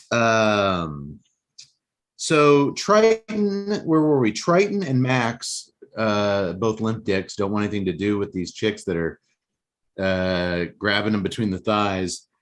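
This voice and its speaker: A man's voice: lowish voice, animated, takes it slowly. A man hosting a casual talk show, rambling and joking as he recaps a movie plot. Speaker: podcast host.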